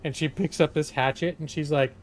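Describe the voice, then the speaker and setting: A man streams a video game and chats in a rambling, digressive way, stuffing his talk with fillers as he retells old comedy sketches. His voice is a little high and steady in tone, and he speaks fairly quickly.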